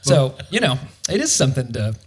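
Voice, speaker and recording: A man's voice: medium pitch, very animated, a little fast, slightly rough. A man, a realtor guest on a podcast, talking in a wry, storytelling way with dry humor. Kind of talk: casual podcast chat.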